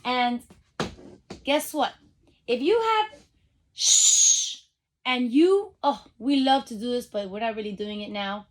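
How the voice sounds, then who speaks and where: A woman teacher giving a phonics lesson to young children over a video call, sounding out letters slowly and cheering them on. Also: on the high side. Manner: upbeat, encouraging, speaks straight to the kids.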